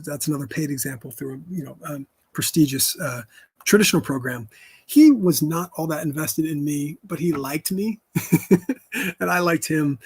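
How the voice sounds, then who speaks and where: A man's voice: fairly high pitch, breathy edge, no room sound. A man in his fifties hosting a live stream, talking candidly and telling stories in which he quotes other people. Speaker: host.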